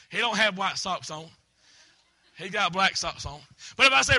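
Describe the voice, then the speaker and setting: Man, preacher, very high piercing voice, sharp bright tone, shouted repetitions, church sermon. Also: moderate pace. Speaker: pastor. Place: church sanctuary.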